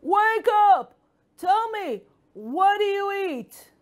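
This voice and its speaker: A woman voicing a small, loud-mouthed frog in a children's storybook reading, shouting its questions brashly. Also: very high voice, sing-song, very slow, voice pushed up, exaggerated voice. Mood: loud, nosy.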